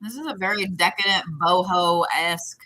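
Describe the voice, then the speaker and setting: A woman's voice: lowish voice, moderate pace, pushed and bright, rough recording. A woman giving intuitive readings to viewers on a live stream, talking in a rambling, repetitive, chatty way. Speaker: psychic reader.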